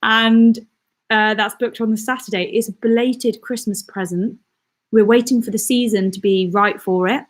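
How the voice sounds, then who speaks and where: A woman from the Midlands hosting a casual live-stream chat, rambling warmly through her week and answering viewer comments with lots of fillers. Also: on the high side, fairly even intonation. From England, the Midlands. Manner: chatty and rambling, lots of fillers, quick laughs. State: out of breath. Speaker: channel host.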